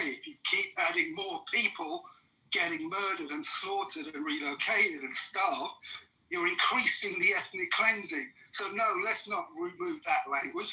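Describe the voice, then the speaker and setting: A man's voice: sits high, sharp tone, poor audio. A man, ranting in fury and swearing hard during a heated live debate. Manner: furious, profane ranting. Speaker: debate participant.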